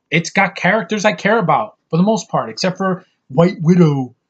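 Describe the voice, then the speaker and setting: A man's voice: on the high side, a bit bright, slightly rough. A young man giving a brash, over-the-top movie review, ranting and swearing as he talks.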